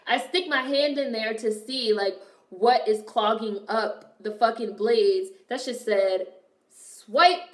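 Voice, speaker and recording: A young woman streaming and chatting casually with her viewers, telling animated stories full of swearing. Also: fairly high pitch, measured pace. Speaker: streamer reacting to a movie and reading chat. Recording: echoey room.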